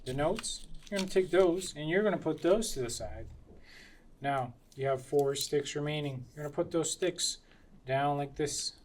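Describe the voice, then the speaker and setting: A woman's voice: low voice, a little mellow. A woman music teacher demonstrating a rhythm lesson in a playful way, chanting rhythm syllables. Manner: slow and deliberate. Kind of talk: classroom music lesson demo.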